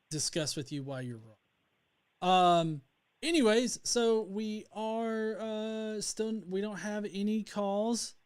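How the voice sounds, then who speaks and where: This livestream host is a young man from North Alabama, USA, whose voice is a little high and smooth. His talk wanders, with plenty of fillers and false starts.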